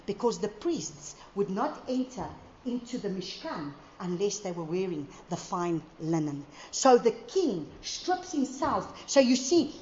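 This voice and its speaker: A woman preaching at a conference, lively and storytelling, with acted asides. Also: medium pitch, a little hiss or hum. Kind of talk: conference sermon. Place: conference hall. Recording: roomy hall sound, dull audio.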